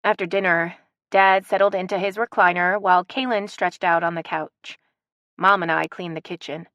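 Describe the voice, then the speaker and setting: A woman narrating a romance audiobook in an even, storytelling manner on a close studio mic. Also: on the low side, normal speed, dry recording, muffled recording. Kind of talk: scripted narration.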